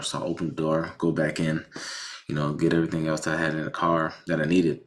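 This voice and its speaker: With a bass voice and a brisk delivery, this man tells a casual personal story about a car crash, animated throughout, often starting sentences over and cursing bluntly.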